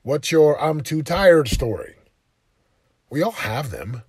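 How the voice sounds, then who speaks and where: A man delivers a motivational monologue with a husky, slightly breathy voice. He hammers his points home with emphatic repetition. The recording is dry and close, with no room sound. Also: on the high side, big pitch swings, takes it slowly, dry recording. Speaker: motivational podcast host.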